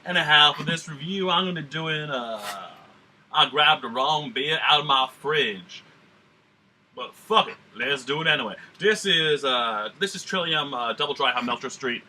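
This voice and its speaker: A man's voice: mid-range voice, moderate pace, sharp tone. A man talking in a put-on Southern drawl, reviewing a beer in a casual, rambling way with lots of fillers and some blunt swearing. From New England.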